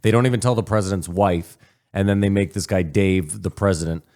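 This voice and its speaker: A man's voice: deep voice, fairly even intonation, fairly quick, a little mellow. A man co-hosting a podcast, laid back, telling an anecdote and acting out the quotes. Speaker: podcast co-host. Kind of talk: casual storytelling.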